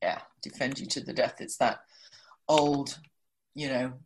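Woman, middle-aged, low voice, lively storytelling, laughs often. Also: a little slow, a little hiss or hum. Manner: animated, laughing, acts out quoted voices. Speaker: guest. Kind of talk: casual storytelling.

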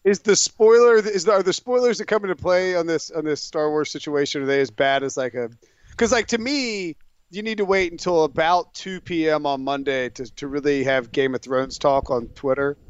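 A man's voice: fairly high pitch, normal speed, clean tone, no room sound, highs cut off. A man in his thirties chatting on a talk show, hesitant and restarting his sentences. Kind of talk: casual studio chat.

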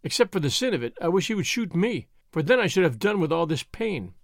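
A man's voice: a little high, big pitch swings, a little fast, creaky, no room sound, clean studio sound, exaggerated voice. A man reading as a devoted young woman. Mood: tender.

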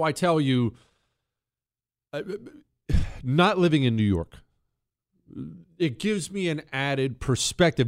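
A man's voice: medium pitch, no room sound, studio quality. A man hosting a talk radio show, delivering an emphatic monologue full of rhetorical questions. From Texas.

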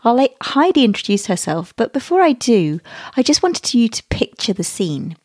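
A woman's voice: fairly high pitch, big pitch swings, moderate pace, darkish tone, no room sound, clean studio sound. A woman hosting a podcast, enthusiastic and chatty as she introduces and interviews her guest. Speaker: podcast host.

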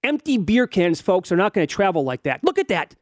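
Animated man, dry studio mic. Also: high voice, a little fast, no echo. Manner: animated, mock-outraged, acts out fans' lines. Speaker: sports betting radio host. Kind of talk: casual sports talk, narrating fan videos.

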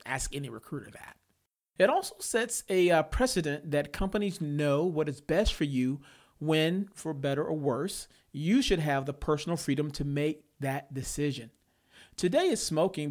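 A man hosting a solo opinion podcast, talking in a thoughtful, reflective way and laughing now and then. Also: fairly high pitch. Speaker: podcast host.

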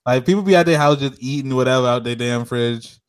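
A man's voice: medium pitch, fast talker, smooth, no echo, clean studio sound. A young man in casual chat, ranting and telling stories with lots of slang and swearing.

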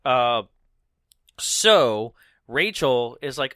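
Lively man recapping a movie. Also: medium pitch, slow pace, dry recording, clean studio sound. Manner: animated, laughs often, acts out characters' lines. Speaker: podcast co-host. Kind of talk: casual movie recap chat.

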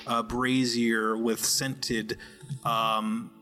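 Bright-toned man running a tabletop game. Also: mid-range voice, level tone, soft background music. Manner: halting narration with many fillers. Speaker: game master.

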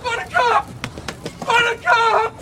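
An actor playing a hysterical police officer who shouts frantically in a film comedy. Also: male voice, extremely high pitch, slow pace, heavily acted, rough recording. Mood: frantic grief. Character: hysterical male cop grieving a horse. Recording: film audio with music and crowd.

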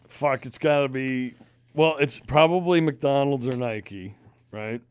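Male podcast co-host, animated and profane, mid-pitched, recorded dry. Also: takes it slowly, clear, resonant tone, no echo. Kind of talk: casual chat, storytelling.

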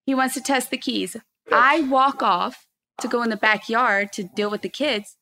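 A woman in her thirties telling a story in an animated chat, expressive and freely swearing. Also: a little high, moderate pace, slight background noise. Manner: expressive, swears freely, acts out quotes loudly. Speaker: podcast guest, co-host's wife.

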